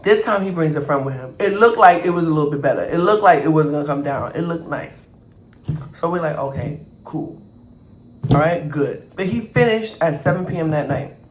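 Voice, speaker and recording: A man vlogger telling a storytime over an eating show, animated and acting out the people in his story. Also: fairly high pitch, fairly quick. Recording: echoey room, faint background noise.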